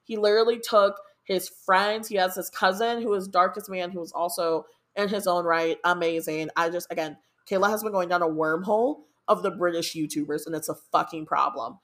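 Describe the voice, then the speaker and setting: A young woman from the United States hosting a podcast, chatting casually in a rambling, excitable way with lots of fillers and swearing. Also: lowish voice, fairly quick, hardly any pauses. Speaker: podcast host. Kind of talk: casual chat.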